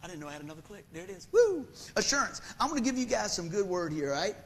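A man's voice: sits high, expressive, very fast, a bit bright. A middle-aged preacher man, preaching a sermon in a folksy, conversational storytelling way.

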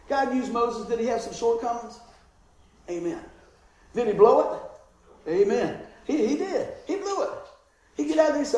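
A man preaching a lively, joking sermon and acting out voices. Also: extremely high pitch, moderate pace, long pauses. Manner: animated, joking, acts out voices. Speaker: pastor. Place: church hall. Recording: echoey church room, distant mic.

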